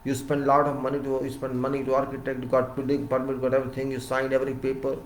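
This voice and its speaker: A man with an Indian English accent giving a lecture-style talk on civil engineering, emphatic and repeating words, his voice rising loud and dropping soft. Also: medium pitch, monotone, fast talker, roomy sound, a little hiss or hum, poor audio.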